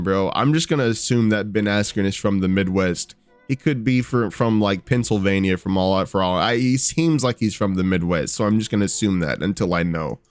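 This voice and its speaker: A man's voice: lowish voice, no echo. A man giving rambling, profane casual commentary, full of fillers and restarts. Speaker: podcast host.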